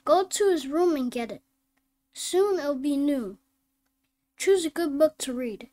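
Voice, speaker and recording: A woman reading phonics drills and simple sentences aloud, slow and deliberate, word by word. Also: high-pitched, lively intonation, warm tone. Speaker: phonics teacher.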